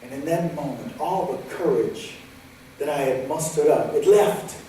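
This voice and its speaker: A man's voice: a little high, measured pace. Man telling a story in an echoey hall. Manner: vivid personal storytelling, shifting between lively and hushed. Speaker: guest speaker. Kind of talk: storytelling sermon. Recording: echoey hall, distant mic, faint hiss.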